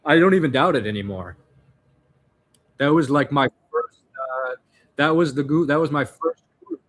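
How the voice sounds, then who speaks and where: A man's voice: medium pitch, normal speed, a bit bright, dry recording. A man vlogging, telling personal stories in a rambling, reflective way, full of fillers and restarts. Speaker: vlogger answering viewer questions. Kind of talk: casual storytelling monologue.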